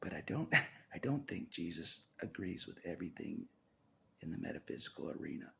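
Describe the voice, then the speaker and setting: A man's voice: low voice, big pitch swings, a little fast, vocal fry, husky. A man talking on his own about faith, half-whispering and laughing often as he rambles in a restless, searching way. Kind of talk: rambling spiritual monologue.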